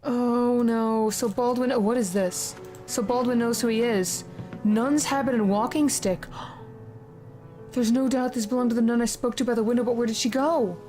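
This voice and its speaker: A woman playing a horror video game, reacting excitedly with frequent swearing and reading the on-screen text aloud. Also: fairly high pitch, normal speed, soft background music. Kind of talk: casual let's-play commentary.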